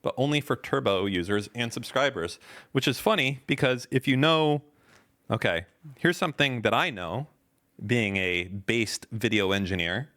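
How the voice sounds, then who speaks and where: A man's voice: medium pitch, expressive, normal speed, fairly bright tone. A man co-hosting a podcast, arguing his point in casual debate, insistent and emphatic, swearing often. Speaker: podcast co-host.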